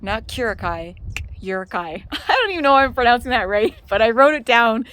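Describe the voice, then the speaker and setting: A woman travel vlogger narrates casually on a hike outdoors and later in town. Her voice is a little high, expressive and fairly bright, and she talks fast, chatty and enthusiastic, laughing easily.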